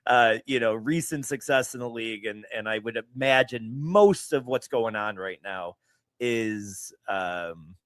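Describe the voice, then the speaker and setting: A man's voice: mid-range voice, measured pace, fairly bright tone, no echo. A man co-hosting a casual podcast chat, laughing often and restarting his sentences. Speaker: podcast co-host.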